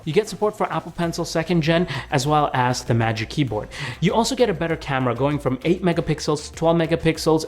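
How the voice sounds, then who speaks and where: A young man hosting a tech video, comparing tablets in an upbeat, conversational way with lots of casual fillers. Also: on the high side. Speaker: tech YouTuber.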